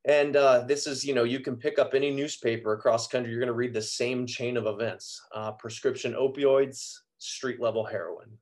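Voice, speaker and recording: A priest speaking as a guest, giving an earnest, reflective personal testimony with frequent pauses and fillers. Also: male voice, medium pitch, fairly even intonation, a little mellow. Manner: earnest, reflective, frequent ums and you-knows.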